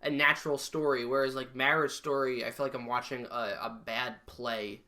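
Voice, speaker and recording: A man's voice: mid-range voice, little pitch movement, moderate pace, bright, forceful tone. A young man co-hosting a comedy podcast, rambling through crude, joking banter. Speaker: podcast co-host. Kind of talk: casual comedic chat.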